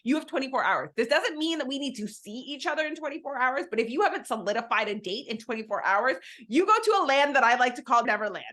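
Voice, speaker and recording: Young woman co-host, blunt opinions, higher pitch, bright tone. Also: lively intonation, fast, few pauses. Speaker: podcast co-host. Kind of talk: casual chat.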